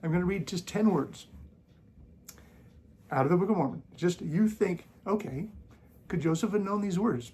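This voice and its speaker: A man talks straight to camera for his channel, his voice gravelly with a husky, rough edge. He argues against critics in a sarcastic, mocking tone and breaks off to cough now and then. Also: a little high, expressive, normal speed, darkish tone. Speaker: YouTube channel host. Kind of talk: casual commentary.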